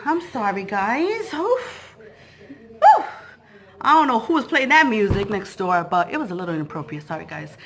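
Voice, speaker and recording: Woman, vlog host, bright tone, playful, laughing, out of breath. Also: medium pitch, expressive, fairly quick, husky. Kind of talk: casual vlog giveaway.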